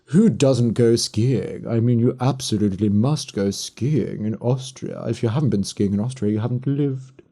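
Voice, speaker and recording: A man's voice: medium pitch, normal speed, hardly any pauses, mellow, natural voice. A man voicing a snobbish upper-class English man with a haughty, drawling received pronunciation accent.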